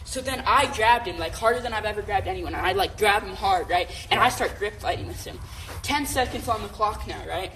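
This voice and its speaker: A young woman co-hosts a casual podcast in a mid-pitched voice, telling a story in an animated, rambling way. She keeps checking in with "right?" and packs her talk with "like", and a faint hum sits behind her. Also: a little fast. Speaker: podcast co-host.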